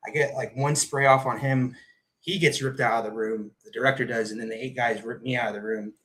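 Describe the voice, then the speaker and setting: A man, an Air Force veteran, telling his story as a podcast guest in an animated, vivid way. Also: medium pitch, a little fast, poor audio. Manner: vivid, animated retelling with acted-out quotes. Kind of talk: personal storytelling in a podcast interview.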